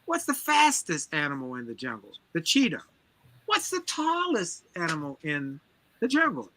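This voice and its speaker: A man's voice: on the high side, huge pitch swings, moderate pace, bright, forceful tone, a little hiss or hum. A man giving a motivational talk as an interview guest, driving his points home with emphatic, preacher-like repetition. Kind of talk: energetic motivational storytelling.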